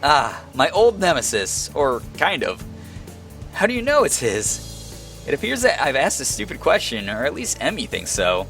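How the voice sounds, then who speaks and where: A young man reading a visual novel aloud as its narrator, breaking off into animated, self-mocking commentary. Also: mid-range voice, moderate pace, soft background music. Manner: animated, laughing asides between read lines. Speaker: game streamer.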